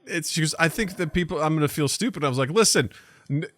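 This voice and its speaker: A middle-aged man on a podcast, telling animated stories and acting out quotes in casual chat. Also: on the high side, quick pace, no room sound. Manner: animated storytelling, acts out quotes. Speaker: podcast guest, filmmaker.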